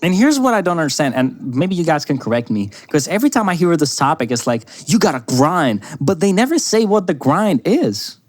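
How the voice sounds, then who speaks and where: A young man riffing sarcastically on clips with his podcast friends, his voice bouncing all over the place and sitting a bit high. He laughs easily and keeps the chat loose. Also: brisk, hardly any pauses. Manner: sarcastic, animated, laughs often. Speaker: podcast co-host. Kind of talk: casual reaction chat.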